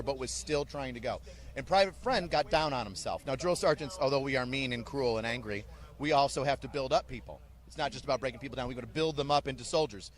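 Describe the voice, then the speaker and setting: A man who is an army drill sergeant, telling stories animatedly in an interview and barking out orders. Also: on the high side. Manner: animated, barks quoted orders. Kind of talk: storytelling in an interview.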